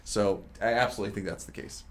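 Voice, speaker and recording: Steady, reflective male co-host. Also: lowish voice, fast. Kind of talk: casual podcast chat.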